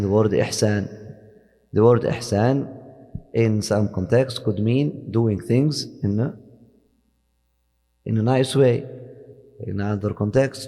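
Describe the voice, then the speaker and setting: An Islamic scholar whose first language is Arabic teaches an explanatory Quran lesson, mixing Arabic and English and reciting Arabic verses. His fairly low voice is gravelly and dark, heard through long hall reverb. He speaks deliberately and repeats words.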